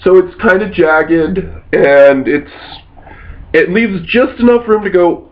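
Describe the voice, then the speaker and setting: A man's voice: on the high side, expressive, moderate pace, narrow, tinny audio. A man recounting a tabletop game session as its game master, telling it casually and rambling with frequent restarts and mild swearing.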